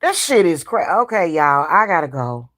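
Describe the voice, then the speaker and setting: A woman's voice: deep voice, very animated, normal speed, fairly bright tone. A middle-aged woman, ranting in a casual vlog, blunt, heated and profane. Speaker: spiritual reader and vlogger.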